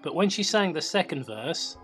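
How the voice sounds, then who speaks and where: A man's voice: fairly high pitch, animated, moderate pace, a bit bright, faint music behind. A man hosting a comedic show, reading a story aloud and stopping to mock its writing. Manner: reads aloud, breaks off to mock the text. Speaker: host reading stories aloud.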